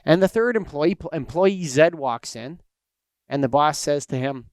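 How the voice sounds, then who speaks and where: Male podcast co-host, animated storyteller, high-ish smooth voice, dry close mic. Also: moderate pace, no echo. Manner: animated storyteller, acts out anecdotes. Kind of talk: casual chat.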